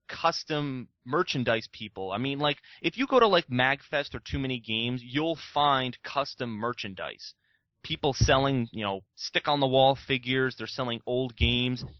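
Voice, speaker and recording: A man's voice: medium pitch, no echo. Rambling young man on a lo-fi line. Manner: rambling, frank, swears casually. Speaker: guest YouTuber. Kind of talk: casual podcast interview.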